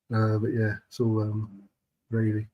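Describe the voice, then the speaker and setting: A man's voice: lowish voice, slightly rough, dull audio. A man chatting casually on a live stream, greeting viewers and reading their messages in a laid-back, chummy way, keeping his voice down.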